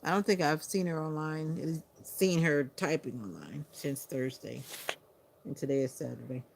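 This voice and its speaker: A sleepy woman hosting a livestream, chatting to viewers in an unhurried, casual way. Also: low voice, gravelly, slight background noise. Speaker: livestream host.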